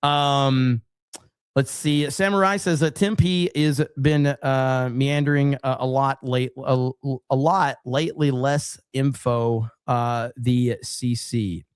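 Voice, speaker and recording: A man's voice: medium pitch, steady tone, slow, clear, resonant tone, no echo, studio quality. A man hosting a casual livestream podcast, laid back and chatty, reading out viewer comments with plenty of fillers. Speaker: podcast host.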